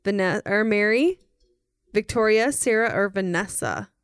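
A woman's voice: medium pitch, measured pace, clear, resonant tone, no room sound. A woman hosting a casual family trivia chat, playfully reading out multiple-choice questions to her children. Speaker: podcast host quizzing her kids.

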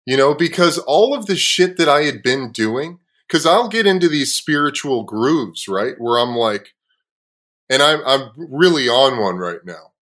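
Guy on a podcast telling a story, cusses a lot, laughs, goes quiet when he gets reflective. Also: mid-range voice, expressive, measured pace. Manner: swears freely, laughs often. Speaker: podcast host.

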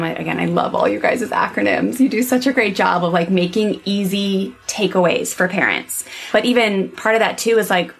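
A woman hosting a casual podcast, telling stories in an enthusiastic, animated way. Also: fairly low pitch, creaky.

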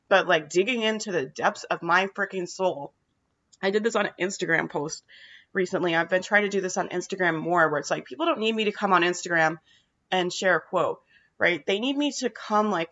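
A mental health vlogger delivers an emphatic motivational monologue to her viewers, swearing casually and frequently asking "right?" Her voice is lowish with a fairly bright tone, and the audio is dull.

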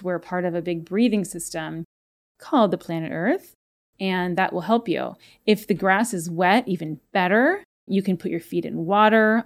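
A woman hosting a self-help podcast as a coach, talking in an upbeat, playful way. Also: medium pitch. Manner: upbeat, playful, acts out inner voices. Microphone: podcast microphone.

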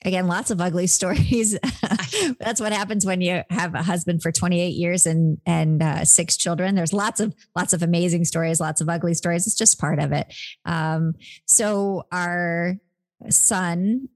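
A woman's voice: fairly low pitch, a little slow. A woman in her forties, an author and mother, telling a personal story candidly in an interview, with many fillers and restarts. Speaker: guest, author. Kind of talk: conversational storytelling.

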